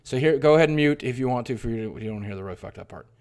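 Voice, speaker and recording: Racing through a painful personal story, this middle-aged streamer uses an expressive, mid-range voice. He swears a lot on his livestream, shifting between hushed mutters and sudden loud outbursts.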